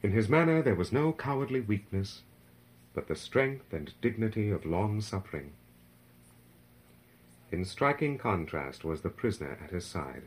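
A man's voice: fairly low pitch, very animated, normal speed, poor audio. A man giving a solemn, dramatic reading of a devotional narrative, rising in force for the crowd's cries. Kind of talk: scripted narration of a devotional book.

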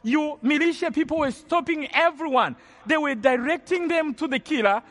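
Speaking at normal speed, this man from Rwanda has a very high voice with a fairly bright tone. He gives an earnest preacher's testimony in story form, regularly repeating and restarting phrases, recorded with long hall reverb.

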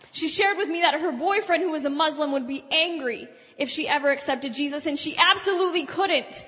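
A woman with a high voice tells her personal story of evangelism to an audience, earnest and sometimes hushed. Her voice rings in a large hall with a long reverb. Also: a little fast, hardly any pauses. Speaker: evangelist giving a testimony. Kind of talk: spoken testimony to an audience.

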